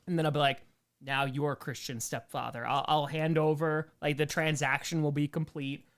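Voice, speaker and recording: A man's voice: fairly high pitch, little pitch movement, moderate pace, a bit bright. A young man hosting a casual livestream Q&A, reading comments aloud with sarcastic jokes and frequent laughs. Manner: joking, sarcastic, laughs often. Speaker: streamer hosting a members Q&A.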